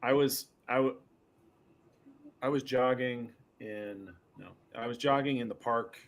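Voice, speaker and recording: A man co-hosting a casual chat show, telling stories with lively outbursts. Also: mid-range voice, measured pace. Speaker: podcast co-host.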